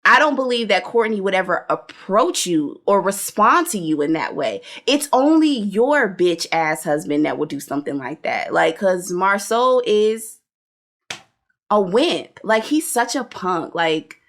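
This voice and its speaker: A woman co-hosting a show-review chat, blunt and animated, with plenty of slang and cursing. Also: mid-range voice, measured pace. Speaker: podcast co-host reviewing a reality show. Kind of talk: casual opinionated chat.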